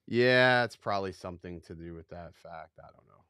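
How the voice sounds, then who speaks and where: A young man hosting a livestream in casual chat, rambling and self-mocking, quick to get fired up. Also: deep voice, pushed and bright, smooth, dry recording, studio quality. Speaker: livestream host.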